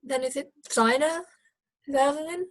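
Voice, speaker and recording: Female student, slightly high, unsure, thinks out loud. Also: measured pace, poor audio. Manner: hesitant, thinks aloud with restarts. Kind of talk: online tutoring lesson.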